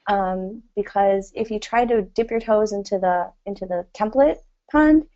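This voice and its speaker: A woman chats as an interview guest, rambling and friendly, scattering "you know" through her sentences and laughing easily. Her voice sits at an ordinary middle pitch. The audio is a bit dull and lo-fi. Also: normal speed, dark tone. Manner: chatty, rambling, many "you know" fillers, laughs often. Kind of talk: casual conversational interview.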